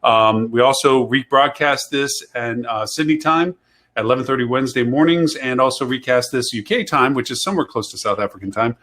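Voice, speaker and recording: A man's voice: mid-range voice, a little fast, a bit bright. A man hosting a live online show, chatting in a rambling, talkative way and laughing often. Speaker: host. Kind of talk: casual live-show chat.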